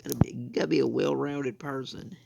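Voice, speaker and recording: A man's voice: medium pitch, steady tone, fairly quick, gravelly, noisy background. A young man from the United States rambling through casual gameplay commentary, saying "I mean" and "bro" again and again. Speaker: gaming channel host.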